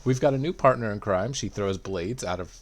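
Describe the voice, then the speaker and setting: Man recapping a game in an excitable ramble. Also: lowish voice, brisk. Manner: rambling, excitable storytelling with lots of fillers. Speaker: player. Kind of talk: recapping a tabletop game session.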